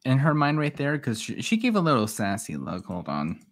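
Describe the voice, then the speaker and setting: A man's voice: mid-range voice, wildly swooping pitch, moderate pace. A man giving sarcastic, exasperated commentary while reacting to a livestream. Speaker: reaction streamer.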